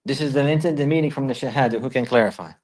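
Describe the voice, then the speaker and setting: A man's voice: mid-range voice, racing, a little mellow. A man teaching a religious lesson, who recites in Arabic and then explains in English, repeating key phrases for emphasis. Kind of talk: Islamic lesson, explaining texts.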